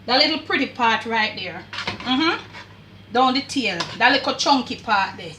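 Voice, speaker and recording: Older jamaican lady cooking at home, high bright voice, echoey kitchen with dishes clinking. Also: measured pace, slight background noise. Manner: chatty, directs the camera, lively patois asides. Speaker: cooking channel host.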